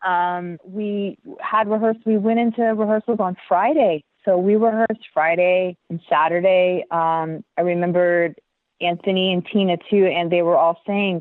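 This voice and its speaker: A woman dancer telling a story in an interview, animated, acting out the voices she quotes and laughing often. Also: on the low side, no echo. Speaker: guest dancer. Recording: tinny phone-like line, dry.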